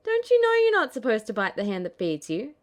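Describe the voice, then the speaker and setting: A woman's voice: a little high, huge pitch swings, fairly quick. A woman reading the lines of a cheerful, joking young male swordsman in a breezy, teasing way for a fan-fiction audiobook.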